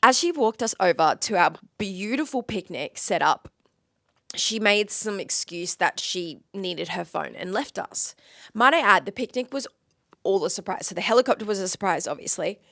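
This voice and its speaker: A young woman tells a personal story on her podcast, bubbly and emotional, giggling through her words. Her mid-range voice keeps slipping into a gravelly fry. She sounds close to the mic in a dead, dry space. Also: medium pitch, moderate pace, dry recording. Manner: giggly, gushing and emotional, lively retelling. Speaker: podcast host.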